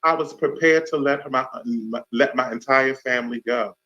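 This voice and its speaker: Bright-voiced man telling a story. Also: medium pitch, normal speed. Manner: animated storyteller who acts out voices. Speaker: radio show host. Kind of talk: casual chat. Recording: dull lo-fi sound.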